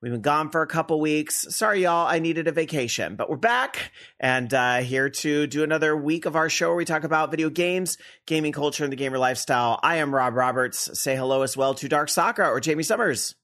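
A man hosting a gaming talk show, chatting casually in a relaxed, rambling way. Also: on the high side, a little fast, hardly any pauses. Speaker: podcast host.

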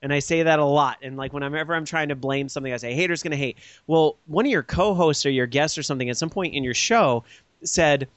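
A man's voice: fairly high pitch, fast talker, a bit bright, no room sound. American male podcast host, light upper voice, playful and talkative, dry recording. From United States. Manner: chatty, jokey, laughs often. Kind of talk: casual podcast chat.

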